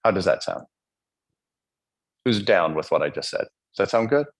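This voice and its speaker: Husky, animated male motivational speaker. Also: low voice, moderate pace. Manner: fervent, often asks the audience questions; acts out quotes in changed voices. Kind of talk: live motivational speech.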